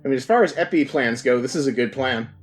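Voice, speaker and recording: Fast-talking joking man gamer. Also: medium pitch, soft background music. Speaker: tabletop game player. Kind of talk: casual in-character play.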